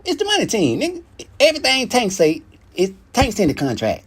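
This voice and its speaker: A man putting on a brash, boastful middle-aged male boxing executive who rants fast and swears a lot. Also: sits high, wildly swooping pitch, a bit bright, slightly rough, pitched above the performer's own voice, heavily acted. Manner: profane, boastful, rapid ranting.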